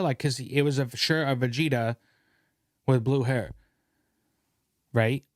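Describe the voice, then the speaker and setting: A young man hosting a casual podcast, ranting in an animated way and swearing freely. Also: medium pitch, a little slow, no room sound, clean studio sound. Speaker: podcast host.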